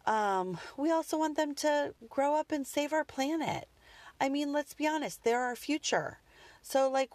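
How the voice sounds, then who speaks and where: A woman in her thirties hosting a personal podcast, talking earnestly and reflectively with frequent pauses and restarts. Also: sits high, expressive, a little mellow, no echo. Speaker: podcast host.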